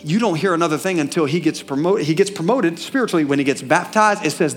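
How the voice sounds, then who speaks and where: A high-voiced male pastor with a Southern US accent preaching in church. He talks animatedly, throws questions at the congregation, and drops to a hush before rising again. Faint music plays behind him. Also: fast. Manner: animated, asks the congregation questions, swings from loud to hushed. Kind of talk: sermon.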